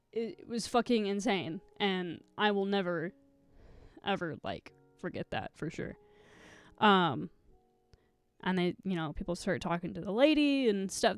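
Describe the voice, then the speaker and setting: A woman's voice: medium pitch, clear, resonant tone, dry recording. A young woman streaming live, telling a rambling story to her chat, swearing a lot and close to tears.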